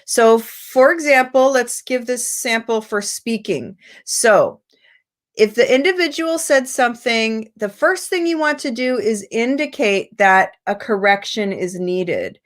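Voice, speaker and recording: An American woman teacher trainer giving an online lecture, patient and explanatory, her pitch jumping up when she acts out prompts. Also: lively intonation, a little slow. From United States.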